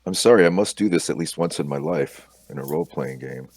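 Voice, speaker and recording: A man playing a tabletop game, gleefully throwing himself into his knight's charge with hammy shouts. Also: a bass voice, fairly quick, slightly rough, no room sound. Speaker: player.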